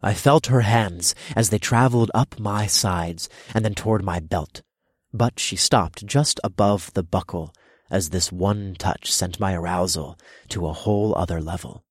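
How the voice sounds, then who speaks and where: A man narrating a first-person erotic story in low, measured storytelling. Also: breathy edge, no room sound, studio quality.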